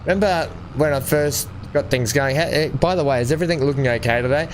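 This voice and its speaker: A man's voice: fairly high pitch, fast, a little hiss or hum. Chatty man hosting a game stream. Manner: chatty, laughs often while reading chat. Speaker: gaming livestream host. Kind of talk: casual chat with live viewers.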